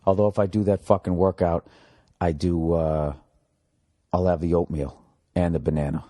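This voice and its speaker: A man's voice: low voice, level tone, normal speed, mellow. A man hosting his own podcast, ranting alone in a loose, sarcastic way with plenty of swearing. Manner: profane, rambling, sarcastic rants. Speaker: podcast host. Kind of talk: casual solo podcast monologue.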